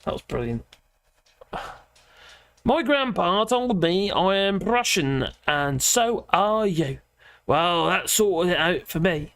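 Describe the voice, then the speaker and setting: Man, livestream host, high bouncy voice, chatty and opinionated, dry close sound. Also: animated, takes it slowly, fairly bright tone, clean tone, dry recording. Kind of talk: casual livestream chat reading viewer comments.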